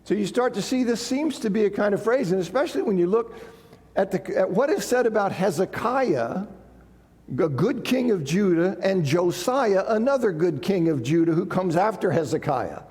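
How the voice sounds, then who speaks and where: A man's voice: high-pitched, animated, normal speed, a little mellow, long reverb tail. A man teaching a Bible class in a conversational sermon style, checking in with the room and reading scripture quotes with rising emphasis.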